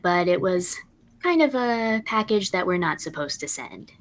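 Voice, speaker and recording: A woman's voice: fairly low pitch, animated, a little slow. A woman playing a polite young courier.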